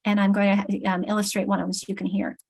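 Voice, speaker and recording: A woman's voice: medium pitch, level tone, fast, creaky, a little mellow, breathy edge. A woman trainer leading an online teacher workshop, explaining and sounding out vowel sounds over a video call. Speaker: literacy trainer.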